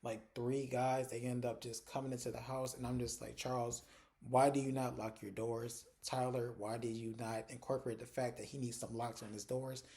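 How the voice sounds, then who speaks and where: A man casually recapping a TV drama episode, chatty and animated, acting out the characters' lines as he goes. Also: medium pitch, normal speed. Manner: casual, uses "like" and "y'all" a lot. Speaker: TV recap host.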